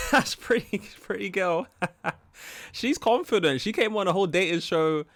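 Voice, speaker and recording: Animated young British man reacting. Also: high voice, unhurried. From Britain. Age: 20s. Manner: animated, incredulous, laughing. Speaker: reaction video host. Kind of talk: casual reaction commentary.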